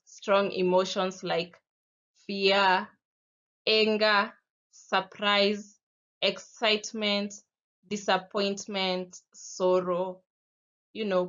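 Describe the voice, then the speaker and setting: Slow, patient Kenyan woman teacher. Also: medium pitch. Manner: slow, patient, explaining with spoken examples. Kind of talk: recorded classroom lesson. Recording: dull lo-fi sound.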